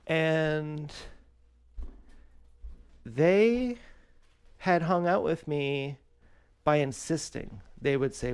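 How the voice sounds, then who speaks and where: A man talks at home in a rambling personal vlog, his voice gravelly yet smooth and resonant. He drifts from thought to thought, candid and unpolished, with plenty of fillers and restarts. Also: on the high side, slow, long pauses, a little mellow. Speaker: vlogger. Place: home kitchen.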